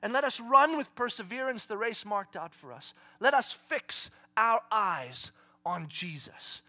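A man preaching a sermon dramatically, swinging from hushed whispers to shouted exclamations and acting out the people in his stories. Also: high-pitched, lively intonation, unhurried. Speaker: pastor.

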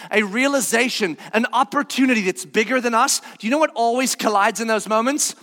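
A man's voice: very high voice, pushed and bright. A male preacher telling a story animatedly in a sermon, acting out the voices. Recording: long hall reverb.

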